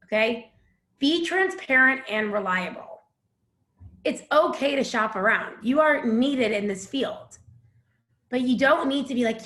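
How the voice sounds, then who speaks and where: A woman's voice: a little high, pushed and bright. Frank, casual woman teaching, roomy sound. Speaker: instructor.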